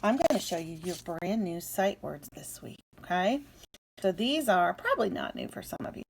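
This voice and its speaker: A woman teaching a phonics lesson to young children, sounding out letters clearly and encouraging them. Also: fairly low pitch, very animated, normal speed, rough recording. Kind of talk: early-reading phonics lesson.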